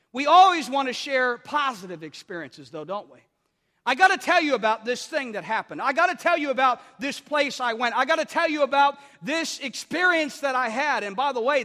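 A man's voice: extremely high pitch, in a large hall. A man preaching a sermon as pastor, telling stories with lots of restarts and repeated words. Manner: animated storytelling with many restarts.

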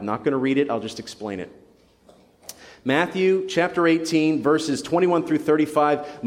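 A man's voice: on the high side, big-room sound. A young adult man preaching a sermon in a church, earnest and building to emphatic passion. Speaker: pastor. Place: church sanctuary.

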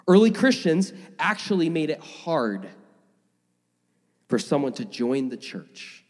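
Energetic male pastor in a reverberant hall. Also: a little high, slow. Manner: energetic, enthusiastic with filler words. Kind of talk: sermon. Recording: long reverb of a large room.

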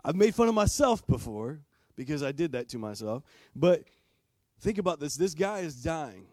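A man's voice: fairly high pitch, sing-song, moderate pace, darkish tone, dry recording. A man preaching a sermon as pastor in a church. He talks conversationally and asks the congregation direct questions.

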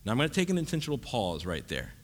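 A man's voice: mid-range voice, wildly swooping pitch, fast. A man preaching a sermon in a conversational teaching style, with jokes and asides. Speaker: pastor.

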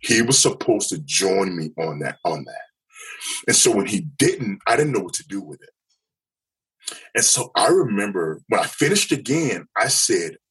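A man telling a personal story in an interview, earnest and halting, often restarting his sentences. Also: fairly low pitch, very animated, a bit bright, slightly rough, rough recording. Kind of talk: candid personal testimony.

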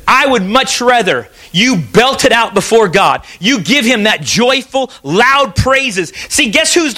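A man's voice: extremely high pitch, pushed and bright, rough recording. A man preaching a sermon in church, reading scripture aloud and pressing his points with emphatic restarts. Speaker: pastor.

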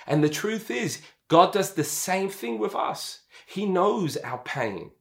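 A man preaching a sermon as pastor, swinging between soft, slow passages and emphatic, rising ones, often repeating words. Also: a little high, big pitch swings.

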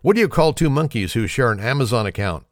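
A man's voice: mid-range voice, lively intonation, fast, dry recording, clean studio sound. A man telling corny one-liners and a long shaggy-dog joke, laughing at his own punchlines and apologizing for them. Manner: self-deprecating. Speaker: joke teller.

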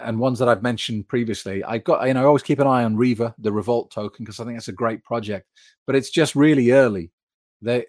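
A man's voice: mid-range voice, dry recording, clean studio sound. A man hosting a live sobriety support stream, reading out viewer comments and answering them in a chatty way.

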